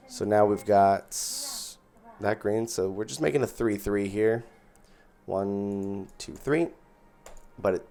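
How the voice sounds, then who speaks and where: A man's voice: on the low side, a little mellow. A man giving casual gameplay commentary as host, thinking aloud and counting out his mana as he plays. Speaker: gaming channel host.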